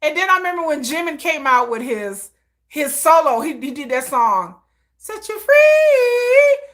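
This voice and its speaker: A woman hosting a livestream, chatting casually and telling animated personal stories, acting out quotes and laughing often. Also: high voice, normal speed. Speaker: livestream host. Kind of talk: casual chat.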